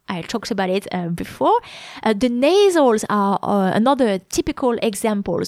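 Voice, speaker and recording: A woman's voice: mid-range voice, very animated, normal speed, no room sound, studio quality. French woman teaching pronunciation. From France. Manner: chatty, many fillers, demonstrates sounds. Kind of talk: explaining a language course.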